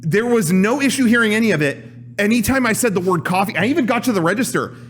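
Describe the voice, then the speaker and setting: A man's voice: high voice, quick pace, slight background noise. A man co-hosting a casual podcast, telling a story and acting out the lines people said. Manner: animated storyteller, acts out quoted lines. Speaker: podcast co-host.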